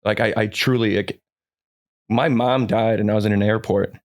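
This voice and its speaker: A man's voice: on the low side, steady tone, moderate pace. A man in his forties, a podcast guest, telling personal stories in an earnest, upbeat, rambling way with many restarts. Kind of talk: personal storytelling in a podcast chat.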